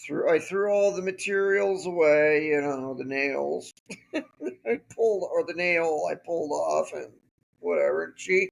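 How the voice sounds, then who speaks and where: Man podcast host, unhurried gravelly voice, wry casual storytelling. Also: on the high side.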